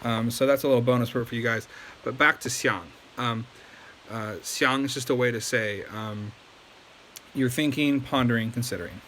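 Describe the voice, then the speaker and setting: Man, casual lesson host; bright, chatty, lots of filler, faint hiss. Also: mid-range voice, steady tone, moderate pace. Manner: loose and chatty, many ums and likes. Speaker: language teacher.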